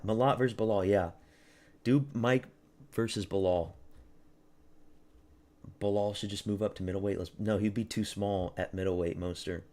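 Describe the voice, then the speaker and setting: A man's voice: on the low side, fairly even intonation, normal speed, long pauses, a little mellow. Young Canadian man rambling on a stream. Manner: crude, rambling, talks to chat, mocks fighters. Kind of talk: casual live-stream chat.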